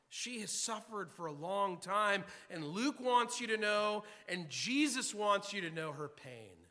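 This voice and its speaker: A man's voice: high voice, pushed and bright. A man preaching a sermon to his congregation, emphatic and repetitive, often restarting his words. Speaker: pastor. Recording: long hall reverb.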